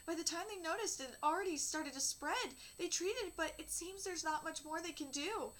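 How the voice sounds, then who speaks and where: A woman's voice: very high voice, normal speed, a little hiss or hum. A woman in her thirties hosting a manga reaction, reading the dialogue aloud and reacting with candid emotion. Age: 30s. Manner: emotional and candid, reads dialogue flatly between outbursts.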